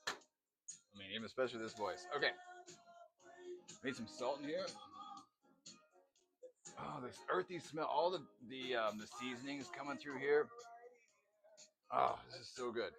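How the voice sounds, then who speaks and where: A man's voice: medium pitch, measured pace, creaky, long pauses, over music. A man chatting casually while cooking in a home video, rambling with lots of fillers and asides. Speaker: home cook vlogger. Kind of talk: casual cooking vlog chat.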